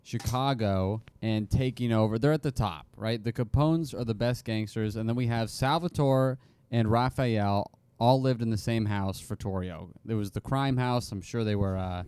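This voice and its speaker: Male co-host, smooth mellow storyteller, dry close sound. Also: on the low side, moderate pace, few pauses, no echo. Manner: storytelling recap with playful asides. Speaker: podcast co-host. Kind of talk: casual comedic history chat.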